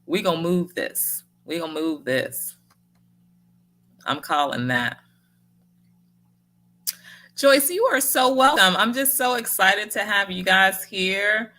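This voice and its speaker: A woman hosts a relaxed livestream and talks her viewers through their comments. Her voice is bright and forceful, and she speaks slowly. She cheers people on in a folksy way and laughs often. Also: mid-range voice. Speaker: livestream host. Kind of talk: casual livestream chat answering viewer comments.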